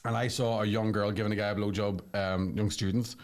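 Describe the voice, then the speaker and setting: A man's voice: fairly low pitch, little pitch movement, brisk. A man with a Northern Irish accent, co-hosting a comic podcast and telling rambling, crude stories. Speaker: podcast co-host.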